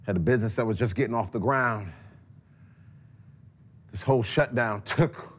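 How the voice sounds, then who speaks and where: A man preaching a sermon, telling a scripture story dramatically and swinging between loud passages and hushed ones. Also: mid-range voice, normal speed. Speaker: pastor.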